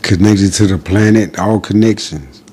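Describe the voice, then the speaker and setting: A man's voice: on the low side, moderate pace, a little mellow, slight background noise. A man giving an impassioned, defiant monologue as a podcast guest, preaching in short repeated declarations.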